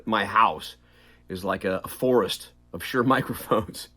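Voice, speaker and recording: A middle-aged man, a voice actor, chatting as an interview guest, animated and quick to laugh, drifting in and out of accents. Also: on the low side. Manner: animated, laughs often, slips into accents mid-sentence. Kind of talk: casual interview chat.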